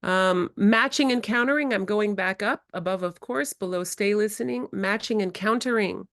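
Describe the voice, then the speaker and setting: A woman presenting a workshop to educators, animated and acting out conversations with children. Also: mid-range voice, moderate pace, no room sound, clean studio sound. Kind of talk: workshop lecture. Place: in-person workshop.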